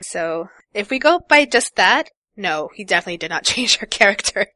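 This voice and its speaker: A woman's voice: mid-range voice, lively intonation, normal speed, pushed and bright, no echo. A young woman co-hosting a casual book-discussion talk show, chatty with many fillers and frequent laughs. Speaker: podcast co-host.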